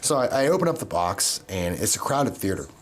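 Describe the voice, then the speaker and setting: A man's voice: fairly low pitch, a little fast. A man co-hosting a livestream, telling stories in casual chat and acting out the voices of the people in them. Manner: animated storyteller, acting out voices in his stories. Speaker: co-host of a livestream show.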